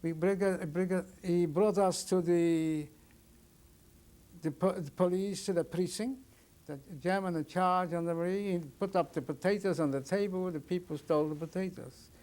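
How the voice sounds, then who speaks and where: Older man giving halting testimony. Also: sits high, steady tone, a little mellow. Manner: halting, plain storytelling with frequent restarts. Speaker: Holocaust survivor interviewee. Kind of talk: oral history testimony.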